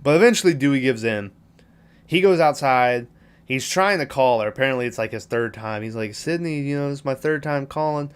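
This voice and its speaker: A man's voice: medium pitch, brisk, smooth. Rambling, cursing podcast host, a man. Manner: profane, rambling retelling with quoted lines. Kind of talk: casual movie recap.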